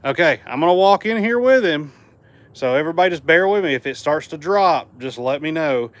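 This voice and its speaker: A man's voice: on the high side, animated, fairly quick, dry recording. Easygoing Southern man chatting on a livestream. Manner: easygoing, drops to a hushed murmur around his dog. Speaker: livestream host. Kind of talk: casual livestream chat, reading viewer comments. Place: home room indoors.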